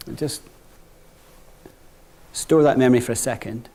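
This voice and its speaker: With a mid-range voice at a moderate pace, this middle-aged man gives new graduates a business talk. As a bank executive, he checks in often with "right?" and softens for stories.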